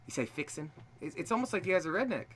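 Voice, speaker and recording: Animated man, lively joking chat. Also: on the high side, fast talker, breathy edge. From Washington State, US. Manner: animated, joking, swears freely. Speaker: streamer. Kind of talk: casual chat on a stream.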